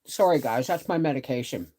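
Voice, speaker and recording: A woman's voice: very deep voice, expressive, fairly quick, dark tone. A middle-aged woman chatting casually on a live stream from her bed, rambling and greeting viewers by name. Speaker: homestead channel host. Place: bedroom, in bed.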